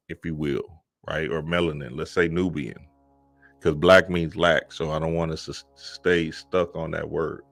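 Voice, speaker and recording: Speaking in a low tone with a bit of brightness, a man who creates spiritual content delivers a loose, forceful monologue. He frequently checks in with "you feel me" and dramatizes other people's words.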